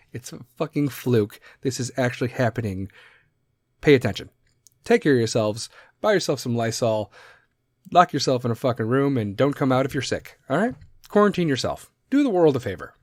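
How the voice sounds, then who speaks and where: A male podcast host rants bluntly and sarcastically, swearing in nearly every sentence. His voice swings widely between low grumbles and high emphatic peaks. The recording is dry and close, with no room sound. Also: sing-song, moderate pace, a little mellow, no room sound. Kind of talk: profane solo podcast rant.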